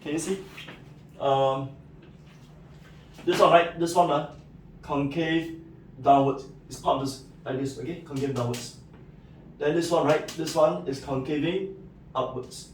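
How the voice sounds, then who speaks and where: A man's voice: a little high, fairly even intonation, a little slow, long pauses, slight background noise. A man giving a recorded math lecture, explaining step by step and checking in with "right?" and "okay". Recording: echoey room, mic at a distance.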